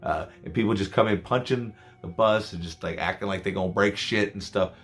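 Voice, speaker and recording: A man's voice: fairly low pitch, brisk, fairly bright tone, faint music behind. A man vlogging, telling rambling, profane stories about his work as a scare actor. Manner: rambling, profane, self-mocking. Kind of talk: casual storytelling to camera.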